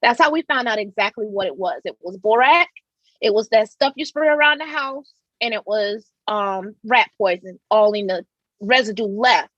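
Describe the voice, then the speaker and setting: A woman with a high, girlish voice, animatedly telling a personal story as a talk show guest and acting out what people said. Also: moderate pace, dry recording, muffled recording. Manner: animated, acts out quotes in voices. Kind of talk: candid storytelling.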